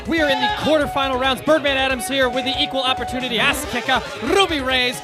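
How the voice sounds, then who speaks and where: A man calling a video game tournament as play-by-play commentator, excitable and shouting at the big moments. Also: extremely high pitch, fast talker, hardly any pauses. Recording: loud music and crowd behind.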